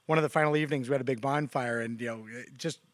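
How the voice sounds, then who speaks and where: A man chatting casually on a church talk show, telling stories with animated quoted lines. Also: fast, no echo. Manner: animated storyteller, quotes others with raised pitch. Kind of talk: casual conversation.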